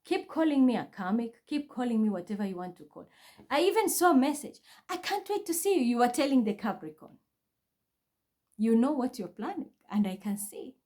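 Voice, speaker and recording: Speaking a little fast with lively intonation, a woman with a fairly high, dark-toned voice addresses her camera at home. As a spiritual reader vlogger, she keeps up an agitated, accusatory monologue, intense and repetitive throughout.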